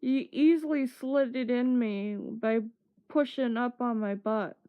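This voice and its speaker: Slow-talking woman telling a story. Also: fairly high pitch, steady tone, clean tone. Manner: acts out quotes with laughs. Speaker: streamer. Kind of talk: casual storytelling. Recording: dull lo-fi stream audio.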